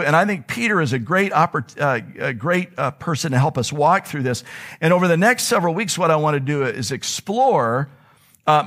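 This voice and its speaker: A male pastor preaching a sermon to his congregation in a church, conversational, slowing down to stress key words. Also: fairly high pitch, fairly bright tone. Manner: conversational preaching, slows for emphasis. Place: church sanctuary.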